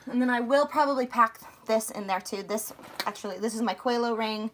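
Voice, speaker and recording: A woman's voice: on the high side, brisk, slight background noise. Chatty young woman with a Philly accent. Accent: Philadelphia area. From outside Philadelphia. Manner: chatty, rambling, self-mocking. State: slightly hoarse. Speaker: vlogger. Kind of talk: casual livestream chat while packing.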